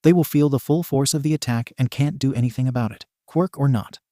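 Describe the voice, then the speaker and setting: A man's voice: medium pitch, brisk, warm tone, no echo, studio quality, close to an everyday voice. A man reading the lines of a self-proclaimed male god who explains rules in a lecturing, matter-of-fact way, in a fan storybook reading. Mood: explaining.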